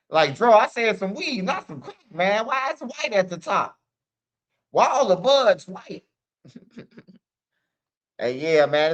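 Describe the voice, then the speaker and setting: A streamer host with a high-pitched, sharp, clean-toned voice rambles casually to his audience in loose slang, dropping "man" and "bro" throughout. The audio is dull and lo-fi.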